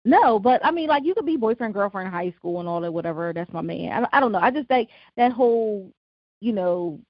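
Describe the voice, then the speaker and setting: A woman co-hosting a casual podcast, giving relaxed opinions with lots of "like" and "you know". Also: medium pitch, dry recording, lo-fi sound. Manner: relaxed, drawn-out opinions with many fillers. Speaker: podcast co-host. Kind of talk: casual chat.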